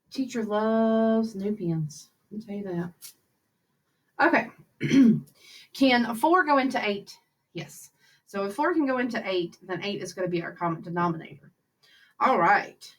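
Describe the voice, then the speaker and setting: Woman, teacher, friendly chatty lesson voice, talks through math steps aloud. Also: medium pitch. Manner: chatty, upbeat, talks to kids while working problems aloud. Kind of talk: recorded math lesson over slides.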